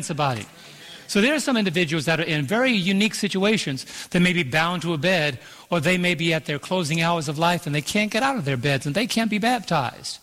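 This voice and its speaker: A man preaching a sermon as pastor, emphatic, slowing down for scripture and calling for "Amen" from the congregation. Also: fairly high pitch, fairly bright tone. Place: church auditorium. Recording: long hall reverb in an auditorium.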